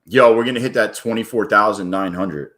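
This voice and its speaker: A man live-streaming his day trading, chatting casually and excitably, with plenty of swearing and hype. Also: lowish voice, fairly quick. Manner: excitable, profane, hypes up his wins; rambling and casual.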